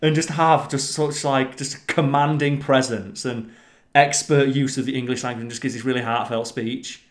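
A man chatting casually on a podcast, telling stories in an animated way and swearing freely. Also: mid-range voice, normal speed. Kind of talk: casual chat. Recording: roomy echo.

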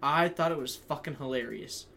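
A man's voice: mid-range voice, normal speed, gravelly, pushed and bright, a little hiss or hum. Crude, ranting young man. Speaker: podcast host. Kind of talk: casual chat.

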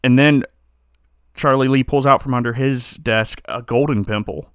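A man's voice: medium pitch, fairly even intonation, moderate pace, fairly bright tone, clean tone, no echo. A man hosting a podcast, casually recapping an episode in a rambling, joking way with many restarts. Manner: rambling, joking, self-correcting. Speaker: podcast host.

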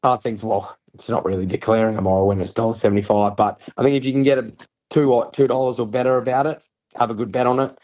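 A man's voice: medium pitch, fairly even intonation, fast talker, darkish tone. Australian man talking racing form, lo-fi. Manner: analytical, rambling through form lines with fillers. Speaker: racing tipster co-host. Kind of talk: casual racing tips chat.

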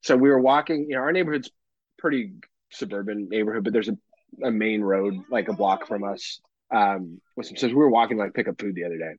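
A man's voice: on the low side, fairly quick, dry recording. A man in his thirties, co-hosting a casual podcast chat, telling stories animatedly with lots of laughter and casual swearing. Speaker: podcast co-host. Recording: dull, lo-fi dry sound.

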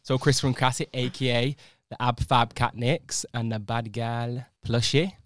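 A man's voice: mid-range voice, steady tone, unhurried, fairly bright tone, no echo. A man with a Manchester accent hosting a podcast in a studio, playful and teasing in casual chat. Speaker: podcast host.

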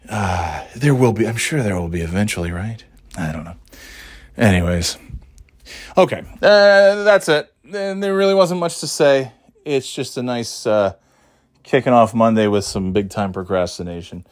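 Rambling, chatty middle-aged podcast host. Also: male voice, on the low side. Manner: rambling, chatty, swears freely, laughs at himself. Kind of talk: casual solo podcast monologue.

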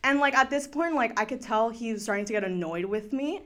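A little high and expressive, this young woman's fairly bright voice moves a little fast. She's a student recounting a story in a casual, chatty manner, full of "like" and the occasional Spanish word.

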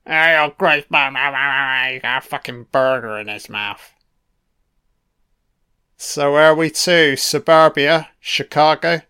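A man's voice: fairly high pitch, takes it slowly, sharp tone, clean tone. A man giving a casual, profanity-filled commentary on a film, reacting to scenes as they play. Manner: heavy swearing, chatty reactions.

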